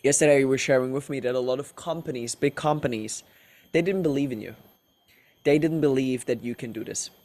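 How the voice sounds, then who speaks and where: A man's voice: medium pitch, fairly quick, darkish tone. Earnest male podcast host. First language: German. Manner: earnest, searching, heavy use of filler words. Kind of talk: casual interview on a call.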